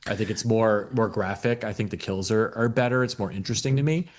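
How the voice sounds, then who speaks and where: A man's voice: fairly low pitch, fast talker. A man co-hosting a podcast, chatting casually about a film, with many fillers and restarts. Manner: loose, filler-heavy opinions with many restarts. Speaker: podcast co-host. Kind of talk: casual chat.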